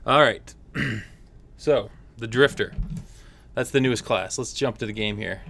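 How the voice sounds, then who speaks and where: A man's voice: medium pitch, a little slow, vocal fry, fairly bright tone, slight background noise. A man hosting a casual game livestream, chatty and upbeat, with frequent fillers. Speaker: stream host.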